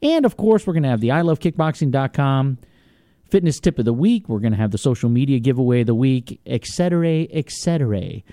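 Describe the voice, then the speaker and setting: A man's voice: mid-range voice, lively intonation, brisk, mellow, no room sound. A young man hosting a talk radio show, chatting casually in a studio and laughing often.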